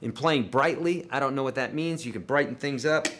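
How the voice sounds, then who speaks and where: Animated man answering guitar questions. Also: a little fast. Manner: animated and emphatic, with sudden swings in loudness and pitch; talks straight to viewers as friends and folks. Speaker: guitar teacher hosting a live Q&A. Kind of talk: casual live Q&A, answering viewer questions.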